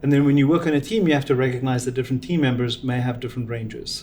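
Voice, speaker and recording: Middle-aged male guest, measured explainer, mid pitch, faint noise. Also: fairly even intonation, a little mellow. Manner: measured, explanatory, gives examples. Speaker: venture capital guest. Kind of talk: reflective interview answers.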